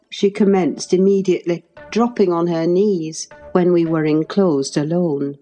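A woman narrating a classic novel in a measured, expressive storytelling voice. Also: fairly low pitch, faint music behind. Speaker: audiobook narrator.

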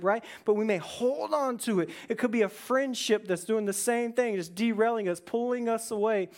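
A pastor preaching a sermon in a lively, conversational way, often checking in with "right?" and acting out quoted voices with sudden shifts in pitch. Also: fairly quick.

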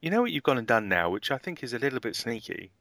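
A man co-hosting a podcast in casual chat, lively and quick to joke and protest. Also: mid-range voice, no echo. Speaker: podcast co-host.

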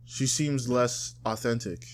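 A man from South Florida co-hosting a casual chat, loose and profane, often mocking people in high put-on voices. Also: takes it slowly. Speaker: podcast co-host.

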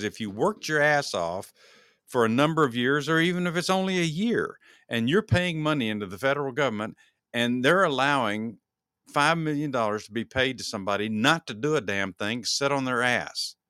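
A man's voice: mid-range voice, animated, moderate pace, bright, forceful tone, clear, resonant tone, dry recording, studio quality. A man hosting his own podcast, giving solo political commentary in a heated, ranting way and repeating words as he works himself up. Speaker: podcast host.

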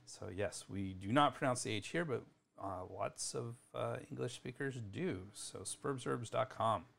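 A middle-aged man hosting a solo educational podcast, talking casually and correcting himself as he goes. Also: medium pitch. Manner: casual, chatty, self-correcting. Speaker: podcast host.

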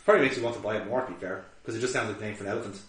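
A man's voice: on the low side, racing. A man co-hosting a podcast, casually recapping an episode with swearing and laughter. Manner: animated, swearing, laughing storyteller. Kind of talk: casual chat. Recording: roomy, distant mic.

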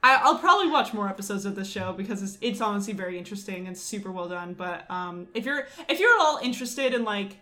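A young adult woman co-hosting a casual chat, rambling and animated, full of fillers. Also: mid-range voice, fast, hardly any pauses.

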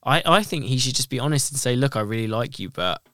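A man with a smooth, resonant voice chats earnestly as a podcast co-host, often restarting his sentences as he thinks. The recording is dry and close. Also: mid-range voice, lively intonation, fast talker, fairly bright tone, no room sound. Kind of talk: casual chat.

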